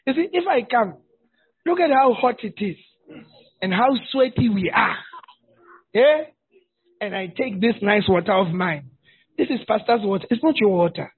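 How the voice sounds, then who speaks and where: A man preaches a lively, humorous sermon, raising his voice into shouts to drive points home. His voice sits very high for a man. The sound is thin and tinny, like it came through a phone line. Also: moderate pace, long pauses, husky. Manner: animated and humorous, shouting for emphasis. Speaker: pastor.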